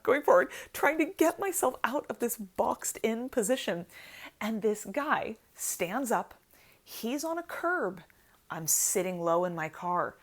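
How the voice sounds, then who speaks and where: A woman from the United States in her thirties tells a story to her vlog audience. She is chatty and animated and leans on "like" as a filler. Her voice drops low and quiet in one stretch and turns loud and excited in the next. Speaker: vlogger, channel host.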